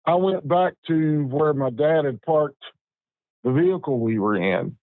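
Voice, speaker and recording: A man, telling a personal story as a podcast guest in an unhurried, plain-spoken way with frequent restarts. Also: on the high side, lively intonation, a little mellow, no echo, rough recording. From West Virginia. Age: 50s.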